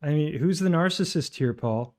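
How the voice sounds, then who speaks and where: A man's voice: on the high side, moderate pace, a little mellow. A man hosting a video, commenting over clips in a sarcastic, rebutting way. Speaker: video host.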